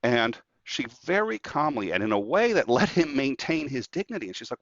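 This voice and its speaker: A man speaking as a guest in a casual conversation, telling stories in an animated way and acting out what people said. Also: mid-range voice, brisk, hardly any pauses, dry recording. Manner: animated storyteller acting out quotes. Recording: dull, dry lo-fi sound.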